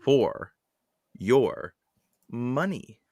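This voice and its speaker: A man's voice: mid-range voice, big pitch swings, extremely slow, mellow, no echo, studio quality. A man hosting a casual post-game sports panel, blunt and opinionated with a joking streak. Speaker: host.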